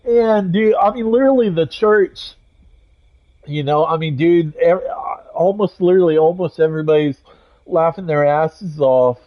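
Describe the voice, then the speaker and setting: A man's voice: fairly high pitch, normal speed, lo-fi sound. A man who games on stream, telling an army story in a profane, rambling way, full of fillers and restarts. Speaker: gaming streamer and army veteran. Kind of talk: casual anecdote told while gaming.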